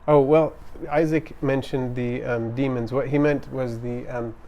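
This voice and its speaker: A man's voice: medium pitch, fairly even intonation, unhurried, warm tone. Chatty man hosting a pet livestream. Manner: chatty, upbeat, frequent ums and restarts. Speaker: livestream host. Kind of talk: casual live-stream chat, reading comments. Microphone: camera on tripod.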